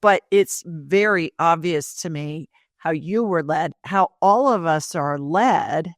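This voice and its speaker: A woman's voice: deep voice, dry recording, clean studio sound. A woman hosting an interview, talking conversationally and guiding her guest with questions. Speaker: host.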